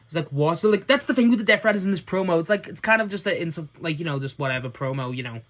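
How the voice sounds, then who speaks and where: A man's voice: high voice, racing, fairly bright tone. A man giving a casual solo recap of a wrestling show, rambling enthusiastically and swearing now and then.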